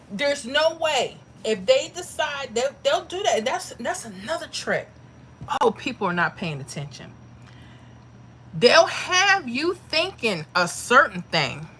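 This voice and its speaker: Hosting a lottery livestream, a woman chats casually with viewers, reads their comments, and calls them mama and honey. Her voice is fairly high and sharp in tone, with slight background noise.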